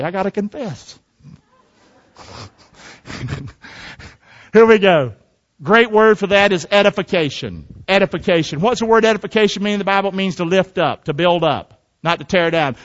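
A man's voice: high voice, lively intonation, normal speed, dull audio. A middle-aged male pastor preaching a sermon in a call-and-response style, often asking the congregation "amen?".

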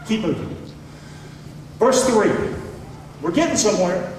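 A high-voiced man preaching in a church sanctuary, heard from a distance in a big hall with a long echo. He calls out to the congregation for answers and swings between ringing shouts and low, quiet asides. A faint hiss sits under the voice. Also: animated, a little slow. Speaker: pastor. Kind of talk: sermon. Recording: echoey hall, mic far off.

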